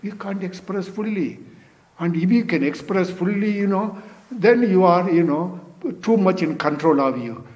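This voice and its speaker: A man's voice: high-pitched, measured pace, a little mellow. An older man, a Zen teacher, giving a dharma talk in loose, non-native English, often adding "you see" and "you know.".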